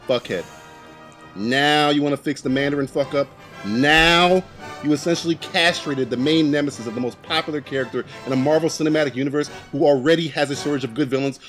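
A man on a film podcast fires off a profane, mock-angry rant. His voice sits a little high, with faint music underneath. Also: fairly bright tone. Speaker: podcast co-host. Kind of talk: ranting film podcast chat.

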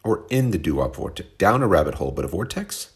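A man's voice: extremely low pitch, sing-song, quick pace. A man from Oklahoma hosting a music show, talking in a rambling, wry, self-correcting way as he introduces songs. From Oklahoma, USA. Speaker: radio show host. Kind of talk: casual monologue introducing songs.

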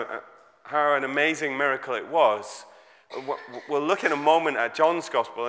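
A man's voice: mid-range voice, sharp tone. A man giving an informal, chatty sermon with props, digressing into humorous stories for the congregation. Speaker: preacher. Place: church hall with audience. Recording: echoey hall.

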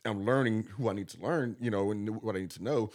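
A man from Texas talks quickly in a husky, slightly rough voice. He is a guest on a casual talk show, telling stories and acting out quoted lines with animated energy. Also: on the low side. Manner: animated, acts out quotes with laughter. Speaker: guest promoter. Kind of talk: casual storytelling.

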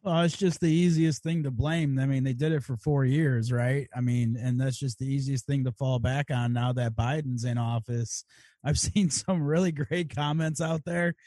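A man's voice: medium pitch, fairly even intonation, normal speed, mellow, no echo. Laid-back man reading viewer comments. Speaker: podcast co-host. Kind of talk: casual political livestream chat.

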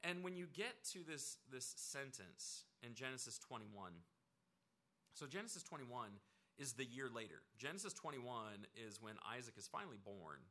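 Bright-voiced man preaching a sermon. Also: medium pitch, expressive, moderate pace. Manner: conversational, emphatic preaching. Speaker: pastor.

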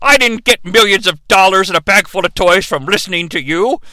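A man doing a gruff old toymaker who shouts and swears at everyone. The voice is pitched up high, very lively, and bright. It sounds dry and close. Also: normal speed, no room sound, heavily acted.

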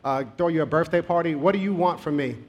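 A man's voice: on the high side, fast talker, natural voice. A man preacher voicing a brash woman who fires off mocking questions in a told story. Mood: irritated. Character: brash, snappy woman at the counter.

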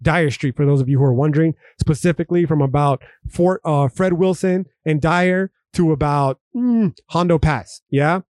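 A man's voice: a little high, moderate pace, hardly any pauses, darkish tone, no room sound, clean studio sound. A young man from Texas hosting a solo podcast, ranting emphatically with heavy profanity and frequent restarts. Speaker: podcast host. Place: home room.

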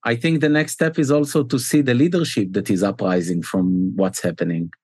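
A man's voice: fairly low pitch, fairly even intonation, brisk, a little mellow, breathy edge, no room sound, studio quality, faint music behind. A man with an Israeli accent hosting a podcast, chatting with a guest and then reading an earnest sign-off. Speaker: podcast host. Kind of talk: podcast interview and outro.

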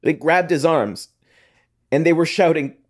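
Brief: young man as a guilty, defensive teenage jock; rambling, fishing for agreement, slightly high voice. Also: measured pace. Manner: rambling, keeps seeking agreement. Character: defensive teenage boy hockey player, guilt-ridden. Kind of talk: theatre monologue.

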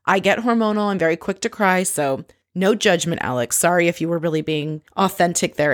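A woman's voice: low voice, no echo, studio quality. A woman hosting a casual reality show recap, chatty and wry, with frequent laughs. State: married.

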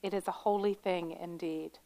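A woman's voice: on the low side, fairly even intonation, moderate pace, mellow, rough recording. A woman pastor responding to a testimony and encouraging her Sunday school class.

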